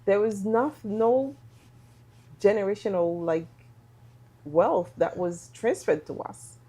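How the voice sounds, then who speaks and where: A woman's voice: medium pitch, takes it slowly, mellow, slightly rough. A middle-aged woman from Haiti, a business owner and podcast guest, speaking earnestly and repeating words for emphasis. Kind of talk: casual podcast conversation.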